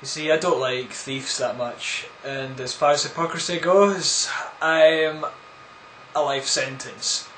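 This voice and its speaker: A man rambles through viewer questions in a casual vlog, tossing out crude, absurd jokes. His voice sits a little high for a man. The room gives it a noticeable echo, with a faint hiss underneath. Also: unhurried, a bit bright. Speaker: vlogger answering viewer questions. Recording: echoey room.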